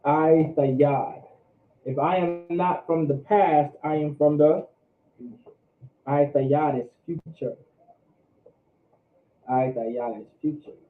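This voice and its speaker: A man's voice: fairly high pitch, steady tone, slow pace, long pauses. A man teaching a vocabulary class in a conversational way, often asking his students questions and repeating words for them. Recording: echoey room over phone-like line.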